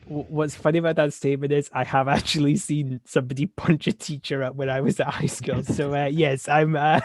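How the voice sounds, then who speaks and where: A man teasing his friends excitedly while playing a tabletop game. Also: on the high side, fairly quick. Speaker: player. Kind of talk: casual tabletop chat.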